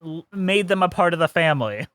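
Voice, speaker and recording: Higher-voiced man, opinionated podcast co-host. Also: animated, fairly bright tone, dry recording. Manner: opinionated, laughs often, quick vocal mimicry. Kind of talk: casual chat.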